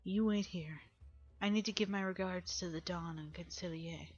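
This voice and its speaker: A woman voicing a stern, prideful young male bodyguard who talks gruffly and defensively. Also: lowish voice, fairly even intonation, moderate pace, muffled recording, soft background music, voice pushed down. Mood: curt.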